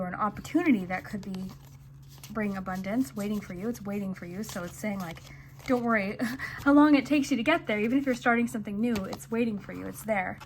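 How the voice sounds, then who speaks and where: A woman's voice: medium pitch, slight background noise. A woman giving a casual tarot card reading to viewers, talking in a chatty, reassuring way with lots of fillers. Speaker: tarot reader. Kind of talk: casual intuitive reading to camera.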